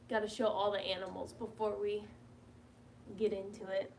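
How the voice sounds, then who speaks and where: A young vet tech chats casually on a home livestream, talking warmly to her pets between remarks. Her voice is medium in pitch with fairly even intonation and a normal speed, picked up by a somewhat distant mic with faint background noise.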